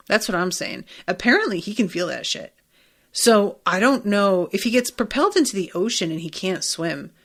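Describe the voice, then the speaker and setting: A woman's voice: fairly low pitch, creaky. Chatty, swearing woman podcast host. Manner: chatty, profane, animated retelling with quoted asides. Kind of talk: casual solo recap.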